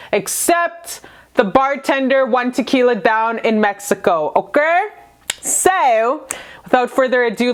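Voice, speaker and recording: A woman giving a casual tarot reading to camera, gushing and affectionate, full of profanity and slang. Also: on the high side. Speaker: tarot reader.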